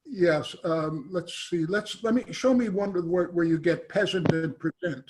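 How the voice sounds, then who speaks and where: A man, a professor, asking a long question after an academic talk, halting often with "uh" and restarting his sentences. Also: sits high, a little mellow. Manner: hesitant, halting, many "uh" and restarts.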